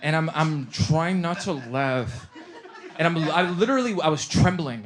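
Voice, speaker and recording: A man doing stand-up, telling a story in an animated, profane way and laughing through his own lines. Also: on the high side, measured pace, crowd noise. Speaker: stand-up comedian.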